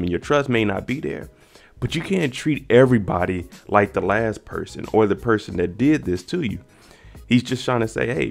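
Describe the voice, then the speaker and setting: A young man hosting a casual TV recap, chatting and quickly acting out the characters' lines. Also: medium pitch, creaky. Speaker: recap host.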